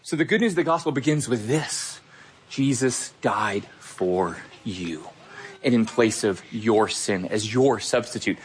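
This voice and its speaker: A man's voice: medium pitch, moderate pace, few pauses, a little hiss or hum. A male pastor preaching a sermon, talking straight to the listener with earnest, emphatic repetition.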